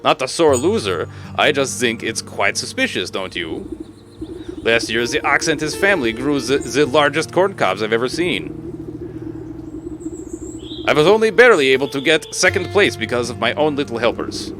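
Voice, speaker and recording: A man's voice: medium pitch, very animated, moderate pace, over music, lightly acted. A man voicing a bitter talking gourd farmer with a thick, theatrical vampire-like accent full of heavy V's and Z's. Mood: grumbling.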